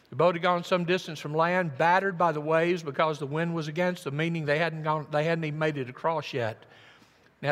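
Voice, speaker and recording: A man preaching a sermon, telling the story dramatically and swinging from hushed tones to loud emphasis. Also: fairly high pitch, big-room sound. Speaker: pastor. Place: church.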